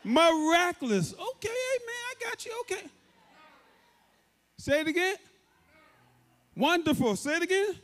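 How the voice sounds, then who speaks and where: A man's voice: extremely high pitch, big pitch swings, a little slow, pauses often, fairly bright tone. A man hosting a church service, energetically leading the congregation in call-and-response and repeating prompts. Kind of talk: call-and-response crowd hype. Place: large church sanctuary. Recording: reverberant hall with faint music.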